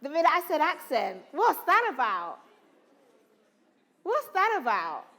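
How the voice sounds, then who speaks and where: Animated woman coaching a room. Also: high voice, measured pace. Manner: animated, calls out to the room, asks questions. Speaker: actor leading a drama workshop. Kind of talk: lively workshop coaching. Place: large room with a live audience.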